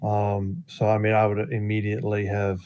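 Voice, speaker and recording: Brief: male tabletop player, flat monotone delivery, faint background noise. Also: lowish voice. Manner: halting, flat. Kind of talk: casual tabletop chat.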